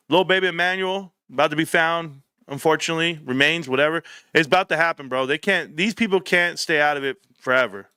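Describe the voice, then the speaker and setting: On his own YouTube channel, a man tells stories in a loose, slangy, animated way, acting out little dialogues in different voices. His voice is a little high and smooth, recorded cleanly in a studio with no echo.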